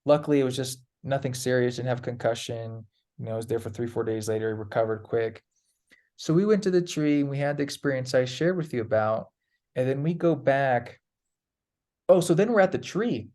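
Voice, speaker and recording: A man's voice: medium pitch, brisk, darkish tone. Man telling a rambling, swear-laced story. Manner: loose and rambling, with fillers and swearing. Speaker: guest. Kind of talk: casual storytelling conversation. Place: Peru.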